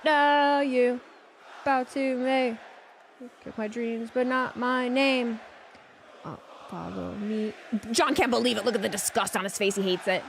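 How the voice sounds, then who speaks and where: A woman streamer giving chatty, excitable commentary while watching a show live with her chat. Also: on the high side, a little slow, gravelly, a little hiss or hum. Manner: chatty, excitable, reacting to the screen.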